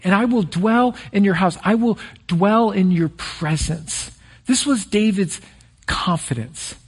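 A middle-aged male pastor preaching a sermon in a folksy, personal way, telling stories and slowing down to stress key phrases. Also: sits high, darkish tone, husky. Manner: folksy and personal, prays then tells stories.

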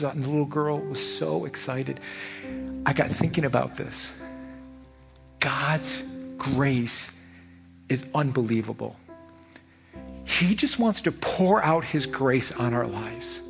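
A man preaching a sermon as pastor, telling a story with lively, animated delivery and repeating phrases for emphasis. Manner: animated storytelling, rising high when excited. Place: church sanctuary. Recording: long church reverb with soft music behind.

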